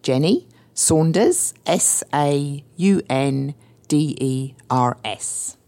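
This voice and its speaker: This is a woman with a notably deep voice and a blended English and New Zealand accent. She talks as an interview guest, animated and emphatic as she tells a story. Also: very slow. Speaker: podcast guest. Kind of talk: enthusiastic interview chat.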